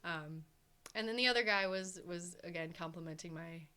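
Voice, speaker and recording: A woman's voice: lowish voice, moderate pace, bright, forceful tone, clear, resonant tone. A woman co-hosting a podcast, telling a story in casual chat with a lot of filler words. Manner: chatty, lots of "like" and "um" fillers. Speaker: podcast co-host.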